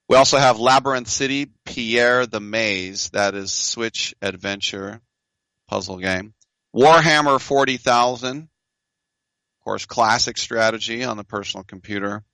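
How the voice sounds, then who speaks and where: A man in his fifties hosting a casual game talk show, animated and jokey, with quick asides and playful mock dialogue. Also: lowish voice, dry recording. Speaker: video game show host. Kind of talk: casual chat about games.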